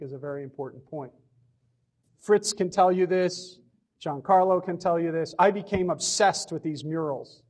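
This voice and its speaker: A man giving a public lecture on economics, emphatic, repeating key phrases and posing questions he then answers himself. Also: fairly high pitch. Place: lecture hall.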